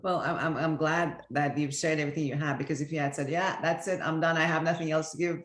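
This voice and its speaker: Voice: medium pitch, fairly even intonation, fast, fairly bright tone, reverberant. An interviewer hosting a webinar, appreciative and laughing along with the guest. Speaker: interviewer, host. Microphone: video call.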